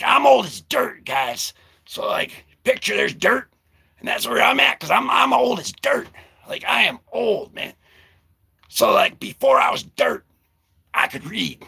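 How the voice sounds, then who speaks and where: A man hosting a casual comic-book vlog, rambling and joking with sudden shouted bursts. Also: high voice, vocal fry, slightly rough.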